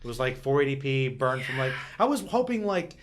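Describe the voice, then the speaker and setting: A man's voice: medium pitch, very animated, brisk. Rambling, laughing male podcast co-host. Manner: rambling, self-interrupting, laughs often. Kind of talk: casual podcast chat.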